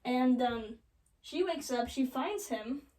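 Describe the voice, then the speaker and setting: A young woman casually retelling a classic love story as a joke, with sarcastic asides and quick quoted voices. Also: sits high, expressive, darkish tone, distant mic, poor audio. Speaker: comedic storyteller. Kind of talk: joking retelling of a classic play.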